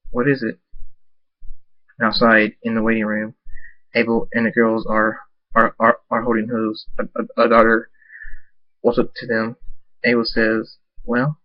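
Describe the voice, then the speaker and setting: A man reads his own fan fiction aloud in a flat, even voice. He stumbles and repeats words as he goes. The recording is dull and lo-fi. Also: fairly low pitch, normal speed. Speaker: storyteller.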